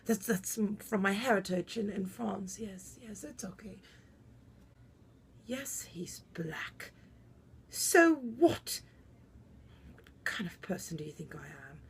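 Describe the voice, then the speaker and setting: A woman playing a haughty, melodramatic socialite with a self-styled French heritage, who swings between imperious outbursts and breathy whispers in a comic monologue. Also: mid-range voice, animated, slow pace, long pauses. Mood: haughty, indignant.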